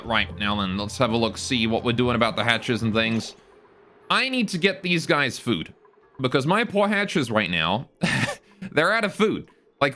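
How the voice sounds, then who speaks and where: Streamer guy joking w chat while he plays, voice bouncing all over, quiet game music. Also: medium pitch. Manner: joking, chats with viewers while playing. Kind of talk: casual live-stream gaming chat.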